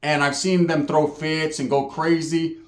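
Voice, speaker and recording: Guy ranting a comedy story, high-ish voice, swears a lot, echoey room. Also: flat delivery, a little slow. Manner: profane, conversational, tags lines with "right?". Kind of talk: storytelling stand-up.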